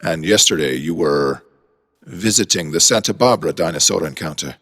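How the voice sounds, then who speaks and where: A man's voice: a bass voice, animated, moderate pace, a bit bright, in a large hall, voice pushed down, heavily acted. A man voicing a brusque male park veterinarian who talks in a blunt, folksy way. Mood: realizing.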